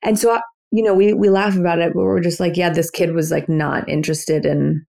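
Brief: pregnant woman in her 30s, gravelly low voice with vocal fry, relaxed and reflective. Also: a little fast. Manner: reflective, laid-back, lots of "you know". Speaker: podcast guest. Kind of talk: casual chat.

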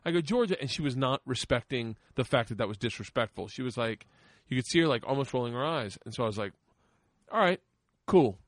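A man's voice: mid-range voice, fast, few pauses, a bit bright, no echo, clean studio sound. A middle-aged man telling a story on a podcast in casual, profane talk, laughing often and acting out what people said. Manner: profane, laughing storyteller who acts out quotes. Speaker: podcast host.

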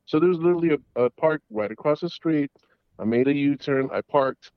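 A man's voice: fairly high pitch, animated, fairly quick, no echo. A middle-aged man, calling in, tells a long story in a rambling way, with restarts and repeated words. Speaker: caller. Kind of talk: casual storytelling. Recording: dull lo-fi audio.

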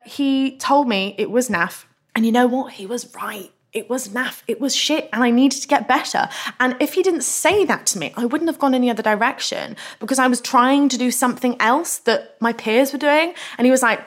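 A young woman, a guest in a casual interview, telling stories frankly, animated and swearing freely. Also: a little high, moderate pace. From England.

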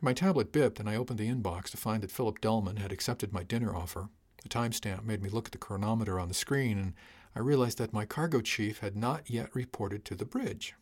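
A man giving a measured, dry first-person narration of a sci-fi audiobook. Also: lowish voice.

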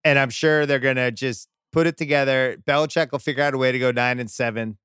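A man hosts a podcast in a loose, animated sports chat, now and then jumping high to act out someone's words. His voice sits at a middling pitch. The mic is dry and close, with no room sound. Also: quick pace, smooth, no echo. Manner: animated, acts out quotes with sudden high bursts. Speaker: podcast host.

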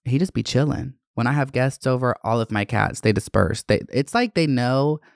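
A man in his twenties rambles through a frank personal vlog, cursing freely as he talks. His voice is smooth and clear, recorded dry and close. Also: medium pitch, moderate pace, dry recording. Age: 20s. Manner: candid, profane, rambling. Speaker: vlogger.

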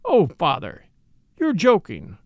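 A man's voice: high-pitched, wildly swooping pitch, slow pace, no echo, dull audio, full character voice. A man voicing an angry boy who speaks indignantly about defending his sister. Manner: indignant, heated. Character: angry boy, protective older brother.

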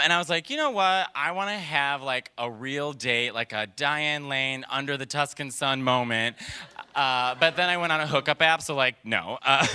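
A man's voice: a little high, sharp tone, smooth. A man performing a stand-up comedy set, telling a story animatedly and acting out the other voices. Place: comedy stage before a live audience.

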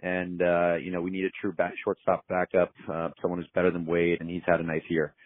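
A man's voice: sits low, completely flat delivery, a little fast. A man calling in to a sports show, upbeat, rattling off a list of trade ideas. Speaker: caller. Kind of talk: phoned-in listener pitch. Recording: tinny phone line.

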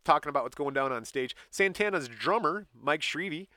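A man spinning a story in loose conversation, his pitch leaping around as he acts out the people in it. The sound is dry and close, with no room around it. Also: brisk, no echo. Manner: animated storyteller, acts out quotes, laughs often. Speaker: podcast co-host. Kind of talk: casual storytelling chat.

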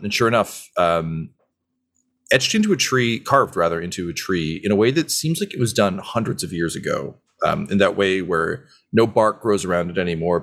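A man runs a tabletop game, narrating scenes with plenty of pauses and filler words. His voice is very low. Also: fairly bright tone. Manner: hesitant, full of ums and uhs. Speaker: game master.

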